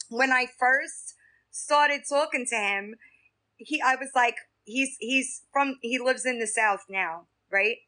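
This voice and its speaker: A woman from Staten Island with a New York accent, chatting casually with viewers on a live stream and laughing often. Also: high-pitched. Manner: talks straight to chat, lively, laughs often.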